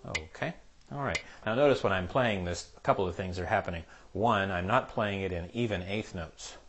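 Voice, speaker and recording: A man with a low, deep voice teaches a jazz piano solo step by step, patient and methodical as he counts the beats aloud. Clear piano playing sounds behind him. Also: moderate pace. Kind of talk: step-by-step music lesson.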